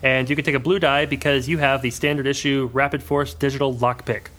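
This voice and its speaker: A man acting as game master, calmly explaining scenes and rules. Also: mid-range voice, brisk, slight background noise. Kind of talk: running a tabletop game.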